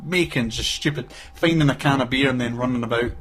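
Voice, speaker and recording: A man's voice: mid-range voice, a little fast, a bit bright, slightly rough. Man chatting loosely, often laughing. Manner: laughing, acts out quoted voices. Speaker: podcast co-host. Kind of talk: casual chat.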